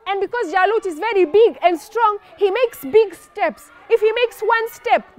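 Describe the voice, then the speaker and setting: Woman, children's storyteller, animated, asks questions, very high voice. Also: measured pace, hardly any pauses.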